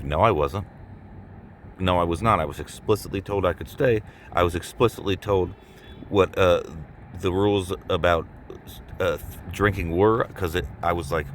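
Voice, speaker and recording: A man with a very low voice rants in a vlog, agitated and swearing, going over the same points again and again. He talks from inside his car, and faint background noise sits under his voice. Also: moderate pace. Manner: agitated, profane, repeats himself. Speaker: vlogger. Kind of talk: angry ranting vlog.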